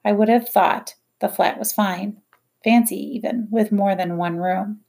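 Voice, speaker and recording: Audiobook reader, woman, first-person narration, measured and quiet, mid-range. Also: medium pitch, fairly even intonation, vocal fry.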